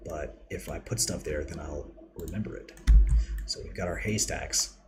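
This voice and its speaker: Deep-voiced man streaming, keyboard clatter behind. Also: normal speed, background noise. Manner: chatty, rambling, reads chat aloud and thanks viewers. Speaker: livestream host. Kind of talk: casual live game-building commentary. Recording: audible keyboard typing and clicks.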